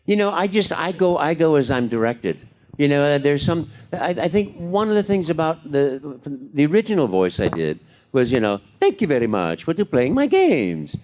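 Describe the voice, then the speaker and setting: A man's voice: on the high side, lively intonation, normal speed. A man answering fan questions at a convention panel, reflective and encouraging. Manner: warm-hearted, reflective and encouraging. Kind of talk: casual panel Q&A.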